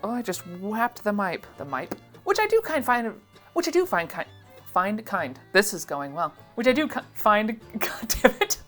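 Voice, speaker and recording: A woman in her thirties from Ohio, chatting through a casual reaction vlog in a giggly, self-deprecating, expressive way. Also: medium pitch. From Ohio, USA. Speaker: vintage pattern seller and vlogger.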